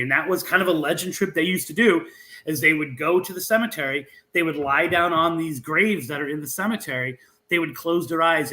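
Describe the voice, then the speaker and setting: Bright, lively storytelling man. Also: fairly high pitch, low-quality recording. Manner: animated storyteller with frequent restarts and fillers. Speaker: guest author and researcher. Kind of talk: telling a local legend in an interview.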